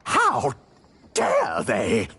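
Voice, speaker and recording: An actor playing a stern, indignant male sub-prior of a priory in a game, with a gravelly, breathy scolding voice. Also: mid-range voice, huge pitch swings, extremely slow, background noise, exaggerated voice. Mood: outraged. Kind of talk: game voice acting.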